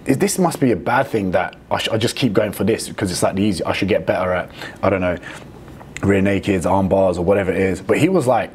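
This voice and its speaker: A male podcast host with a somewhat low voice, chatting easily and dropping in frequent "yeah"s. A faint noise floor runs underneath. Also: fast talker, a little mellow. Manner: frequent short affirmations. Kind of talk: casual chat.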